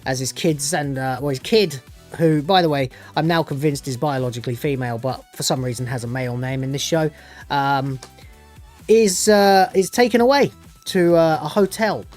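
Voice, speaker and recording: A man's voice: on the high side, normal speed, darkish tone, faint music behind. A man giving a casual, rambling TV review, sarcastic and sweary with lots of restarts.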